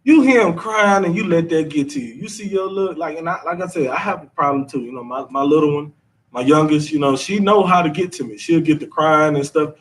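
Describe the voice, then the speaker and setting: A man's voice: on the high side, fairly quick, distant mic. A man, teaching a scripture class in a casual, repetitive, slangy way. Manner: conversational, repeats himself, drawling slang.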